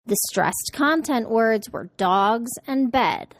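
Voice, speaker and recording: A woman presenting a scripted English pronunciation lesson, speaking clearly and deliberately and modeling sample words. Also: on the high side, lively intonation.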